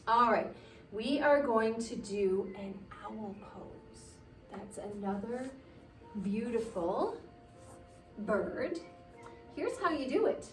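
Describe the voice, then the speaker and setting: Slow, gentle woman leading kids' yoga. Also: a little high, distant mic. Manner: gentle, encouraging, playful with animal sounds. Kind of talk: guided children's yoga class. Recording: roomy sound from away from the mic with soft music.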